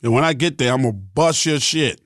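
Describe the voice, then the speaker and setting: A man's voice: medium pitch, brisk, a bit bright, no echo, clean studio sound. A middle-aged man hosting a podcast, talking in a blunt, profane and emphatic monologue. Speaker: podcast host.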